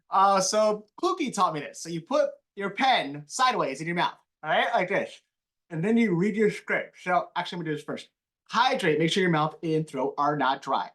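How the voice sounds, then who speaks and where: A man who works as a TV news anchor, giving a casual classroom lecture on voiceover with animated, quick talk and a slight mumble. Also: high-pitched.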